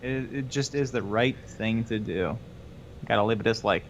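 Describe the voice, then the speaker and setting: A man's voice: lowish voice, normal speed, muffled recording, slight background noise. Laid-back man chatting while painting. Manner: relaxed, drawls, swears lightly. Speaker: co-host of a miniature painting stream. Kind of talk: casual chat while painting.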